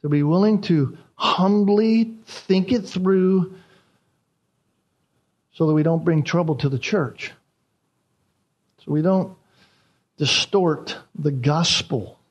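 A high-pitched man preaches a sermon at an unhurried, measured pace. He is deliberate and says his key phrases twice so they sink in. It sounds like a pastor teaching a congregation. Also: a little mellow, highs cut off. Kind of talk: expository sermon.

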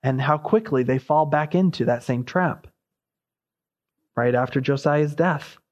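High-voiced man preaching a sermon. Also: measured pace, darkish tone. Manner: expository preaching, voice rising when voicing the prophet's cries.

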